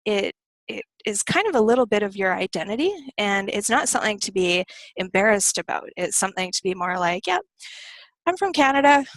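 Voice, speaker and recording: A young woman with an American accent, teaching a live online English lesson in a relaxed, conversational and personal way. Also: medium pitch, no room sound.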